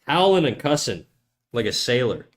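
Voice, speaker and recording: He's a Canadian man chatting while he draws on a live stream, his banter crude, jokey, and heavy on swearing. His medium-pitched voice is sing-song and moves at a moderate pace.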